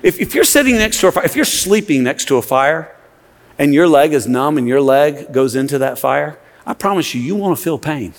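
A pastor with a somewhat high, expressive voice preaches a little fast in a church sanctuary, the big hall adding long reverb. Impassioned, he keeps repeating words as he pushes his message.

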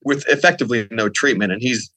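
Fast-talking man telling a story. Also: mid-range voice, bright, forceful tone, dry recording. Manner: rambling, lots of fillers and quoted dialogue. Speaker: podcast guest. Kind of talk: casual storytelling.

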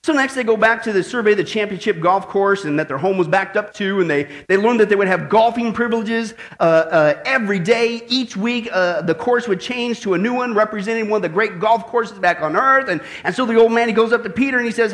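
High-voiced, animated male pastor preaching. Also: brisk, hardly any pauses. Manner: animated, joking, emphatic. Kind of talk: sermon.

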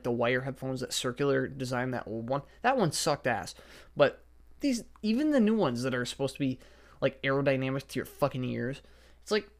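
A young man with a mid-pitched voice hosts a casual solo podcast from his basement. He rambles and swears freely, sounding exasperated as he vents into his podcast microphone. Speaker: podcast host. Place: basement at home. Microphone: podcast setup microphone.

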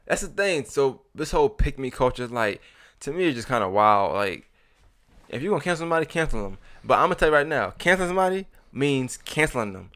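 Fast-talking blunt man on a podcast. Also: medium pitch, big pitch swings, fairly bright tone. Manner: blunt, repeats himself as he builds a point. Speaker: podcast co-host. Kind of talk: casual podcast chat.

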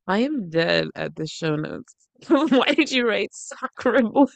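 A woman's voice: mid-range voice, sing-song, slow, gravelly, no room sound. A woman co-hosting a casual gossip podcast, mocking and profane, laughing often. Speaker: podcast co-host.

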